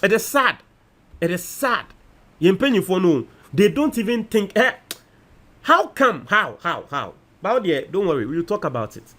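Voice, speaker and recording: A man with a Ghanaian accent, hosting a casual commentary show and reading out viewer comments, animated and mixing in local phrases. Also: high voice, moderate pace. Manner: animated, switches between Twi and English.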